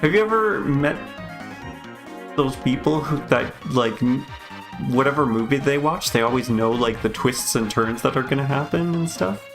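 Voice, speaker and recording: A man's voice: mid-range voice, lively intonation, moderate pace, music in the background. A man casually chatting and musing as he plays a game, rambling with many fillers. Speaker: gaming streamer. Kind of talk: casual chat while playing.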